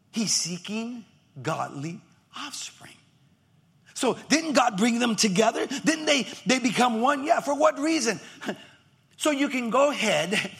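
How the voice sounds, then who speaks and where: This male pastor's sermon is emphatic, moving from shouts down to near whispers as he acts out congregation members, all in an extremely high-pitched voice marked by vocal fry.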